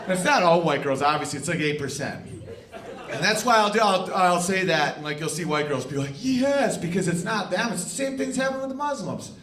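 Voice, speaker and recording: Stand-up comic, middle-aged man, brash and crude, highish voice, distant roomy club mic with crowd ambience. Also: lively intonation, a little fast, a bit bright, slight background noise. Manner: brash, crude, acts out quoted exchanges. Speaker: stand-up comedian. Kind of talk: stand-up comedy set. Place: comedy club stage with audience laughter.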